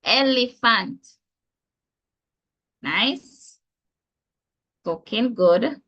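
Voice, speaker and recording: A woman's voice: fairly high pitch, animated, drawn-out words. A woman with a Jamaican accent teaching pronunciation in an online class, encouraging and spelling out sounds with care. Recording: dull lo-fi call audio.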